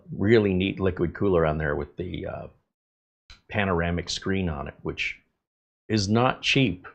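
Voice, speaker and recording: A man hosting a live tech channel stream, greeting viewers in a relaxed, chatty way with many filler pauses. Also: low voice.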